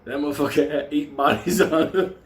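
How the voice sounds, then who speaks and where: A man's voice: on the high side, brisk. A man telling profane, laughing stories in a casual monologue as a channel host. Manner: profane, laughing, animated storyteller. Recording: echoey room with faint ambience.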